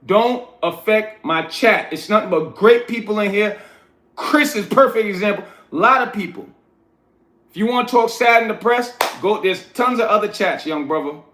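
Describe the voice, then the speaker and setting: With a sharp tone and lively intonation, this high-voiced New York man talks at normal speed while bluntly lecturing his livestream chat and reading it aloud. It's a casual stream recorded in a roomy, echoey room.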